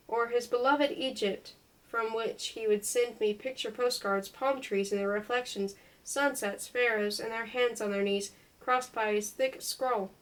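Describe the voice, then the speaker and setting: A woman reading a memoir aloud in an unhurried way, careful and now and then stumbling over foreign names. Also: a little high, poor audio. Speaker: reader.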